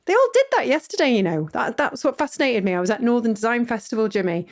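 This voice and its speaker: A woman hosting a podcast interview, bubbly and quick to laugh. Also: on the high side, very animated. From North East England family. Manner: bubbly, laughs often, reads ad smoothly. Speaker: podcast host. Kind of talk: casual interview.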